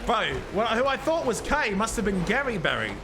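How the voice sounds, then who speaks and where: A man streaming a police role-play game, talking excitedly and rambling with swearing and frequent restarts. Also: high-pitched, normal speed, background noise. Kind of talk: live-streamed gameplay commentary.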